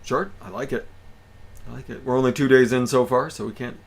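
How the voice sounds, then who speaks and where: A man's voice: mid-range voice, steady tone, fairly quick, creaky, slightly rough. A man hosting a casual livestream, upbeat and greeting his viewers one by one. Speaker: livestream host.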